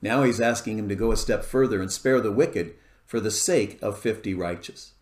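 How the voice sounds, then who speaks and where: A man with a somewhat low voice preaches a sermon, working through a scripture passage verse by verse in a steady, measured way. His voice rings with the echo of a reverberant room. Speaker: pastor. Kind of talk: expository sermon. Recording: echoey room.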